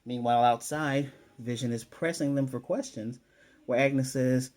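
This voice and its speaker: A man reviewing a TV episode in a casual spoiler recap, rambling with lots of fillers and self-corrections and getting animated over his theories. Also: mid-range voice, normal speed.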